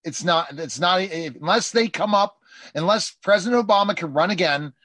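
Host, male, high lively voice, dry close sound, emphatic political talk. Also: normal speed, no room sound. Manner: emphatic, animated, mimics politicians in quoted asides. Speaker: show host and journalist. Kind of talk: political talk show discussion.

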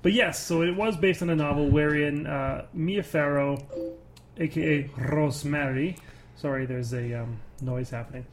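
A man's voice: a little high, normal speed. A man co-hosting a casual podcast, teasing his co-host and retelling a film's plot in a rambling, joking way. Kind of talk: casual chat.

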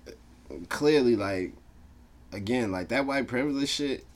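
A man chatting casually with friends on a podcast, telling stories in an animated, profane way. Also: mid-range voice, unhurried. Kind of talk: casual chat.

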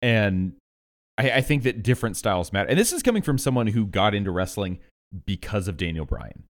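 An enthusiastic young man co-hosting a casual podcast. His voice sits low but swings widely in pitch. He laughs often. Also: very animated, fairly quick. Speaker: podcast co-host. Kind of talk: casual chat.

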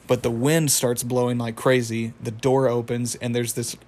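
A man's voice: mid-range voice, little pitch movement, moderate pace, darkish tone. A young man casually recapping a cartoon episode, rambling with lots of fillers and chuckling at the story. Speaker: show recapper.

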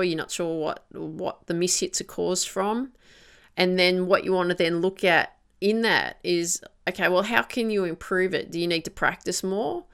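A woman's voice: on the low side, vocal fry. A woman coaching golfers on their mental game, who works through one question after another and sometimes acts out an inner voice. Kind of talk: coaching monologue.

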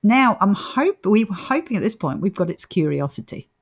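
A woman's voice: mid-range voice, sing-song, moderate pace, husky. A woman co-hosting a casual paranormal podcast, telling the story in a chatty way and laughing often. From Australia. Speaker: podcast co-host. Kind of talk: casual chat.

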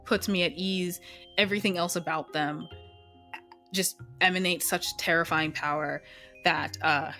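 A woman's voice: fairly low pitch, fairly even intonation, unhurried, bright, forceful tone, faint music behind. A woman playing a solo tabletop role-playing game, narrating and chatting in a casual, profane, self-interrupting way.

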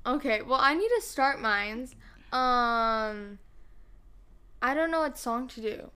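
A woman's voice: on the high side, slow, sharp tone, clean tone. A young woman co-hosting a podcast, chatting casually with short, plain replies. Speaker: podcast co-host. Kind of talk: casual chat.

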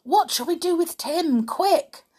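A woman voicing a strong-minded tomboy girl with a high, urgent voice. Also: animated, takes it slowly, a little mellow, heavily acted. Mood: panicked.

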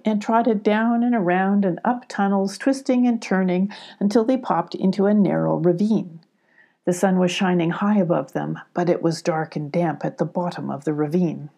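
A woman narrating a children's storybook aloud in a gentle, even storytelling manner. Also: fairly low pitch. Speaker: audiobook narrator.

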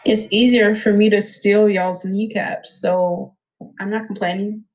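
A young woman in a casual chat with friends, making deadpan, absurd jokes. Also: medium pitch, measured pace, rough recording.

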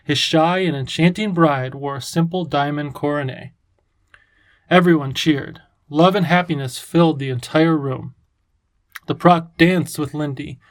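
A man narrating a children's storybook in a calm, even manner. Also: a little high, a little slow. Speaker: audiobook narrator. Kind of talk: scripted narration.

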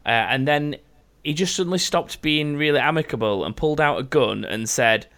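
A man's voice: on the high side, lively intonation, moderate pace, fairly bright tone. A man hosting a podcast, reading out listener stories in a rambling, jokey way and swearing freely. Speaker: podcast host.

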